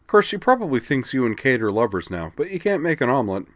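A man's voice: mid-range voice, sing-song, fast talker, no room sound, voice pushed up, lightly acted. A man voicing a casual, easygoing teenage girl duelist who talks bluntly and teases a little, in a read-aloud story. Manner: casual, offhand, quietly teasing. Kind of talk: audiobook character reading.

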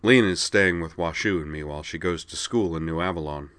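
A man doing Redneck, a gruff, wry retired admiral. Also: low-pitched, a little fast, fairly bright tone, no echo. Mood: dry. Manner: dry, muttering.

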